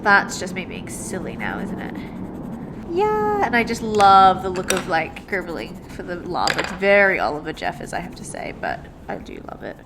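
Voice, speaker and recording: Sketching at a home desk by a sunny window, this young illustrator and vlogger rambles to her viewers in a casual monologue packed with "like." Her voice sits on the low side with huge pitch swings and a moderate pace, and background noise is audible.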